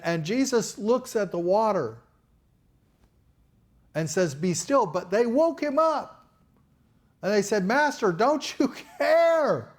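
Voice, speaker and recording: High-voiced man preaching a folksy sermon. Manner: earnest, folksy, repeats words and restarts.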